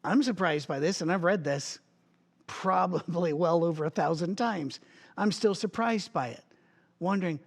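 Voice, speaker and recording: A man's voice: high-pitched, vocal fry. Man preaching a storytelling sermon. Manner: storytelling, acts out quoted lines. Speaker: pastor.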